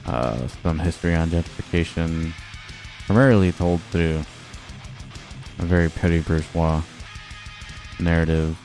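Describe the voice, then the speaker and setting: Deep-voiced man casually streaming. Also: unhurried, long pauses, darkish tone, faint music behind. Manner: laid-back, swears, rambling asides. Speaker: livestreamer.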